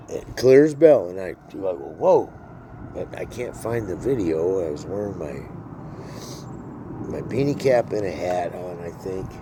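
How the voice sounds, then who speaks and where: Outdoors, a man in his sixties with a deep voice rambles through a personal vlog, blunt, weary and swearing freely over a noisy background.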